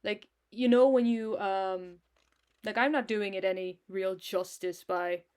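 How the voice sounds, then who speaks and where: A woman's voice: mid-range voice, steady tone, unhurried, darkish tone, clear, resonant tone. Irish woman narrating a solo game. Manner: chatty, self-mocking asides.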